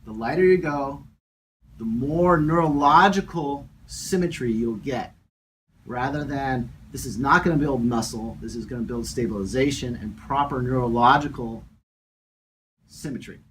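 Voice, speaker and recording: A man calmly talking through an exercise step by step as a fitness instructor, often repeating his words. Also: medium pitch, moderate pace, slight background noise, rough recording. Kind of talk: casual exercise demonstration.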